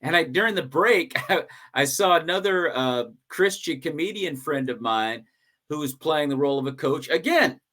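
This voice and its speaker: A man hosting a comedy interview show, chatting casually and telling an animated anecdote with laughs. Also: fairly high pitch, moderate pace.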